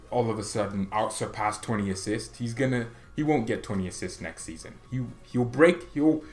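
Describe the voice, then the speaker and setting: A young man hosting a fan channel, giving a rambling, opinionated football monologue in an animated way. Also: mid-range voice. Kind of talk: casual football commentary monologue.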